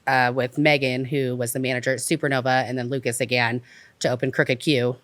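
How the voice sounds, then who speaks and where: A man's voice: mid-range voice, fairly quick, no echo. A man guesting on a casual chat show, talking easily as a restaurant owner about his businesses. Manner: relaxed, lists names and places easily.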